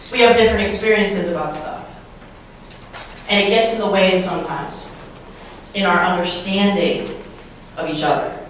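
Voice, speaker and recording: A woman's voice: medium pitch, a bit bright, a little hiss or hum. Playful woman giving a keynote in an echoey hall. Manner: playful, asks the audience questions. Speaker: keynote speaker. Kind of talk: motivational keynote. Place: large hall, live audience. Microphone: handheld microphone. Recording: very echoey hall, mic from far off.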